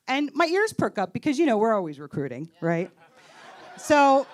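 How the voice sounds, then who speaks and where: Woman in her late 30s, stand-up comic, high bright-toned voice, wry sarcastic punchlines, live stage mic. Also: sing-song, unhurried. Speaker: stand-up comedian. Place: comedy festival stage.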